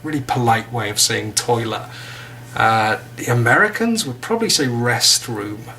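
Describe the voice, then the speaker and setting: Bright-voiced English man teaching. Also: medium pitch, lively intonation, moderate pace, slight background noise. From England. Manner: chatty, joking asides. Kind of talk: casual vocabulary lesson.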